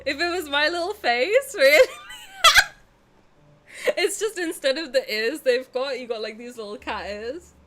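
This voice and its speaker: A woman's voice: sits high, a little slow, pauses often, fairly bright tone. A young Southern English woman streaming a game, chatting casually in a bubbly, giggly, self-mocking way. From South of England.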